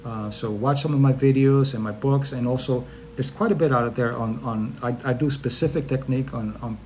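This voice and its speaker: Man explaining calmly in a live Q&A. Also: mid-range voice, normal speed, slight background noise. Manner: conversational, acts out little voices to make a point. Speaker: psychologist answering live viewer questions. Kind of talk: casual live Q&A talk.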